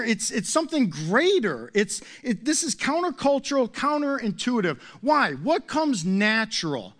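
This high-pitched, middle-aged pastor keeps his sermon conversational. He fills it with rhetorical questions and jokes at his own expense.

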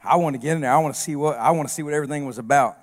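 A male preacher giving a humorous sermon on a church stage that builds into shouted preaching. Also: fairly high pitch, very fast, long reverb tail.

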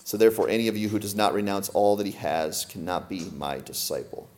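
A man's voice: sits low, steady tone, fairly quick, a little mellow. A man preaching a sermon to a congregation, emphatic and full of rhetorical questions. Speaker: pastor.

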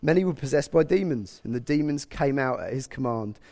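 A man's voice: medium pitch, lively intonation, brisk, darkish tone. A man preaching a sermon, explaining a passage in a conversational way with frequent self-corrections.

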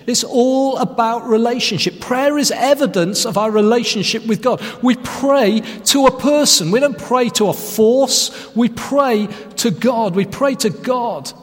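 A man's voice: very high-pitched, measured pace, few pauses, in a large hall. A man preaching a sermon, telling a self-mocking story and stressing key phrases. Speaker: pastor.

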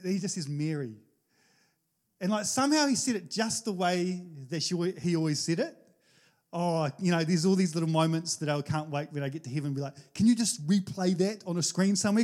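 A male pastor, preaching a conversational, animated sermon full of asides. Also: high-pitched.

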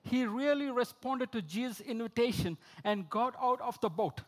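Man, sermon, very high-pitched voice, emphatic, repeats phrases, addresses friends. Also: lively intonation, moderate pace. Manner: rises to emphatic high exclamations, drops low for quoted lines. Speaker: preacher.

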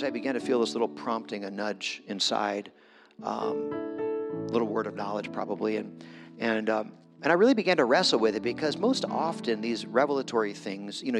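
A middle-aged man giving a conversational storytelling sermon as a guest preacher, self-deprecating and acting out his own quotes. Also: on the low side. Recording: long hall reverb with music.

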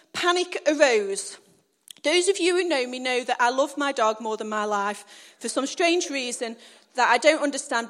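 A woman on a stage, preaching through a lively personal story she acts out. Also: fairly high pitch. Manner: animated storytelling, acting out scenes. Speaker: church speaker.

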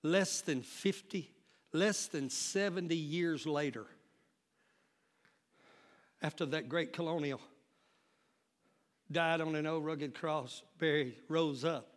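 A man preaching a sermon as pastor, calling out to the congregation and building up to shouts. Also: a little high, slow, long pauses.

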